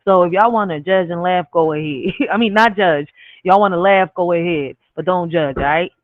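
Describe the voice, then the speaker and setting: A man with a Spanglish accent and a fairly high voice hosts a casual live stream. He speaks in short, punchy phrases and keeps checking in with the viewers. The sound is tinny and dry, like it came down a phone line. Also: normal speed, dry recording. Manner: peppers talk with "all right?" and "real shit". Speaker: livestream host.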